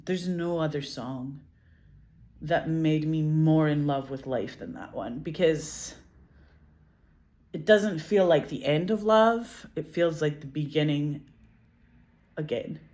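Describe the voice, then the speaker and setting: A woman with a Glasgow Scottish accent, chatting casually as an interview guest, animated, laughing often, swearing and saying "like" a lot. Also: sits low, slow pace, long pauses. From Scotland. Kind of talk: casual chat.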